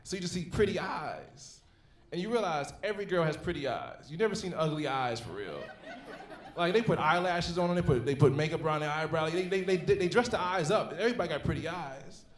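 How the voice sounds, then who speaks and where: A man's voice: fairly high pitch, fairly quick. A man in his thirties performing a profane, laughing stand-up comedy set on a comedy club stage. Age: 30s. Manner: profane, animated storytelling with laughs. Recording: roomy live club sound.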